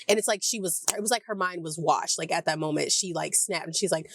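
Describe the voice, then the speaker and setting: A woman's voice: on the low side, expressive, brisk, hardly any pauses, dry recording. A woman with a Southern US accent casually recapping a TV episode, rambling and chatty with lots of "like". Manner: rambling, chatty, heavy use of "like", acts out characters' lines. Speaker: TV review vlogger.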